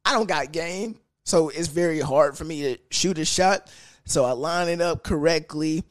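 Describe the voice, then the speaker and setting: A young man hosting a podcast, talking in a crude, animated, comedic monologue that keeps jumping into high sing-song bits. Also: normal speed, no room sound. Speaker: podcast host.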